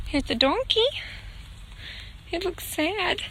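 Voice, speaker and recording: Young southern woman, high voice, chatty family vlog, phone camera, noisy outdoor farm. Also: animated, slow pace. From northern Mississippi, US. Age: 20s. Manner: chatty, cheerful, calls to her kids. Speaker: family vlogger. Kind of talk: casual vlog narration. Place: outdoor farm and pumpkin patch. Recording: outdoor noise behind the voice.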